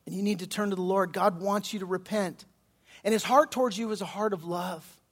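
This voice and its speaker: Pastor, male, high-pitched, passionate preacher who voices the quotes himself, then turns quiet and tender. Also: a little fast. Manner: impassioned, acts out prayers and Bible figures in quotes; drops to soft, quiet tones when closing. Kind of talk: sermon.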